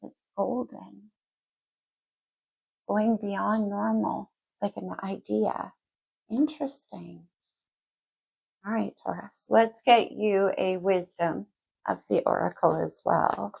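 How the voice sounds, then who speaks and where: This tarot reader rambles through a casual general reading, losing her thread and finding it again while speaking straight to the viewer by sign. Her voice is medium in pitch, gravelly, a little mellow and slightly rough, and the recording is rough too.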